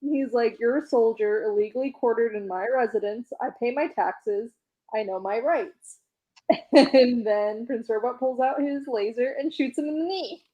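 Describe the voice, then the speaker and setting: A woman with a fairly high-pitched voice co-hosts a podcast, and the recording sounds muffled. In a casual chat, she recaps a comic story, quoting the characters in quick voices and laughing often.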